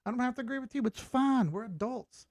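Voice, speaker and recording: High-voiced laid-back man in his thirties. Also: fast, darkish tone, no echo, studio quality. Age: 30s. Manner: laid-back, talks straight to viewers, swears casually. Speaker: crypto chart analyst and livestream host. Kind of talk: casual livestream chat.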